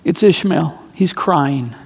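Slow and high-pitched for a man, this preacher tells his sermon like a dramatic story, leaning on repetition to drive points home. His intonation is lively, his tone darkish with vocal fry and a breathy edge, and each line hangs in the long reverb of a big hall.

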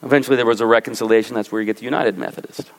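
A man preaching a sermon as pastor, animated and rising to emphatic peaks. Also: medium pitch, very fast. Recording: long reverb of a large hall.

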